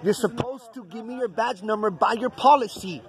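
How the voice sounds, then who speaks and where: A man's voice: very high-pitched, moderate pace, crowd noise. A man livestreaming outdoors at night on his phone, arguing with a deputy in a profane, repetitive way. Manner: argumentative, profane, repeats himself. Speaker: cop-watching livestreamer. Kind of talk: confrontational livestream filming. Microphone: phone he films with.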